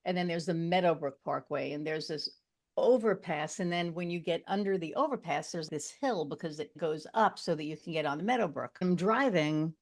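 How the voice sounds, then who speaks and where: Speaking in a low-pitched voice, a Long Island woman tells a personal story as a podcast guest. She keeps it chatty and casual, dropping in quick check-in asides.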